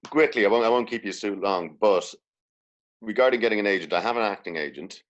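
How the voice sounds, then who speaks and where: An Irish man with a very deep voice asks a guest friendly questions over a video call. He talks in a quick, easygoing way. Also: dull audio. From Ireland. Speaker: caller asking questions. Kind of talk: casual Q&A chat.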